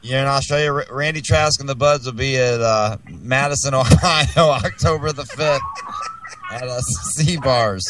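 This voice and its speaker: A man's voice: mid-range voice, measured pace, fairly bright tone, far from the mic. A male musician guest on a talk show, chatting playfully and laughing. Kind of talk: casual chat.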